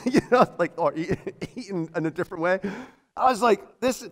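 A middle-aged man preaching a sermon in a church, animated, often laughing and acting out other people's voices. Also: high-pitched, moderate pace. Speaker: pastor.

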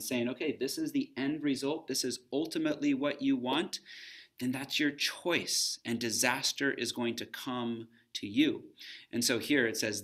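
A man's voice: medium pitch, a bit bright. A man teaching a recorded Bible lesson for students, talking in a conversational way and stopping to pose questions.

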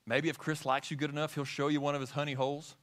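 A man's voice: on the high side, level tone, quick pace, fairly bright tone. A man preaching a sermon in church, asking the congregation questions as he talks. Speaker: pastor. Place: church sanctuary.

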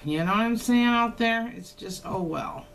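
A woman's voice: a little high, normal speed, slight background noise. An older woman, chatting casually to camera at home in a teasing, folksy way. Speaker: haul vlogger. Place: home, indoors.

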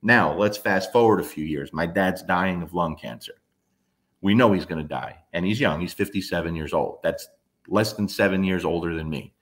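A man in his fifties with a very low, deep voice tells a story in a blunt, emphatic way. He swears freely and keeps hammering his points home in casual talk. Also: moderate pace, fairly bright tone. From New Jersey. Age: 50s. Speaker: dog trainer.

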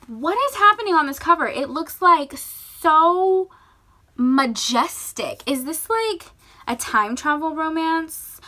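A woman's voice: sits high, pushed and bright. A young woman vlogging casually about books, gushing and chatty as she shows what she bought. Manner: bubbly, gushing. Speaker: book vlogger. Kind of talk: casual vlog chat.

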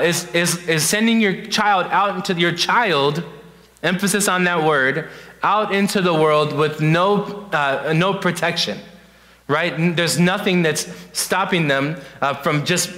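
Earnest youth pastor in a reverberant church. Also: male voice, on the high side, pushed and bright. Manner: earnest, repeats points, many fillers. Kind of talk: evening church talk. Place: church sanctuary. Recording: long church hall reverb.

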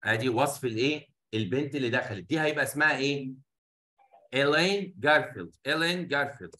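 Rapid-fire Egyptian teacher, bright voice. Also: male voice, mid-range voice. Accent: Egyptian Arabic. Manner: explains in Arabic, mixing in English words. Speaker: English teacher. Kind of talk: classroom lesson explaining a reader.

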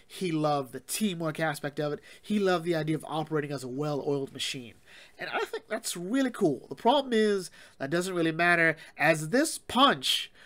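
A man hosts a casual comic book talk, his voice sitting a touch high for a man. He rambles through the recap with fillers and laughs, jumping into quick acted-out lines for the characters. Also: a bit bright. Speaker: comic book podcast host.

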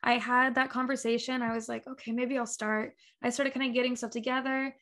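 A young woman in a relaxed interview, speaking in a fairly high voice. She tells her story with lively back-and-forth, putting on the voices of the people she quotes. Her talk is loose and bubbly, full of fillers and laughter. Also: fairly quick. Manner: animated storyteller, acts out quoted dialogue, laughs often. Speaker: guest, talk show creator. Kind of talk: casual interview chat.

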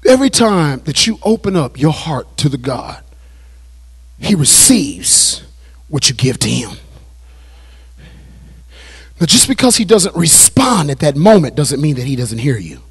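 A man preaching a sermon as pastor at a Bible study, repeating phrases and building to shouted climaxes. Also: on the high side, sing-song, a little slow, long pauses, breathy edge. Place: church.

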